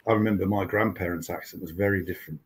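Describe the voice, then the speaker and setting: A man's voice: deep voice, fairly even intonation, quick pace, breathy edge, poor audio. A man in his sixties, a TV writer and show creator, talking as a guest in a casual podcast interview, telling stories with many restarts. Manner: rambling storytelling with many restarts.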